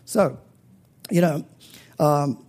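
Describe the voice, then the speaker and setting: A man preaching a sermon, telling a story with big swings in pitch and loudness and dropping to a breathy whisper at tender points. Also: extremely slow. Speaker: pastor.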